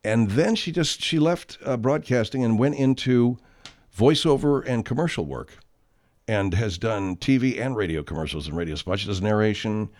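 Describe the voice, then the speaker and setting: A man's voice: on the low side, animated, normal speed, darkish tone. A male radio show host in casual, profane chat who rambles and laughs easily.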